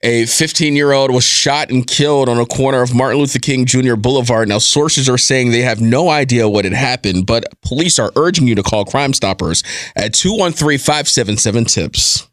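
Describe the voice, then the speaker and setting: A man doing a brash male radio DJ alter ego and news reporter, with a loud, drawling on-air swagger. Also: mid-range voice, moderate pace, no room sound, clean studio sound, lightly acted. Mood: newsy. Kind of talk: radio voice impression.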